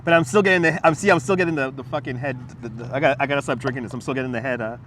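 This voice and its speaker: This livestream host talks very fast in a medium-pitched, fairly bright voice, with a little hiss or hum in the audio. Wearing a wireless lapel mic, he strolls a city waterfront, rambling, laughing and swearing while answering his chat.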